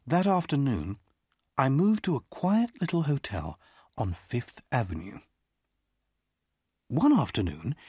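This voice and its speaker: Husky, slow audiobook narrator, dry close mic, lively intonation. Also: mid-range voice, no room sound. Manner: clear, deliberate storytelling. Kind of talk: scripted narration.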